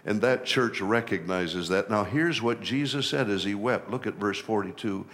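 A middle-aged man preaching a sermon as pastor, rising in pitch and volume to stress key phrases and slowing down for weight. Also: fairly bright tone.

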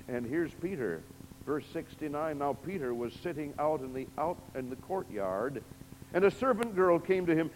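A man preaching a sermon, reading scripture with dramatic, emphatic swings from soft to loud. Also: medium pitch, slight background noise. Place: church sanctuary. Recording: long hall reverb.

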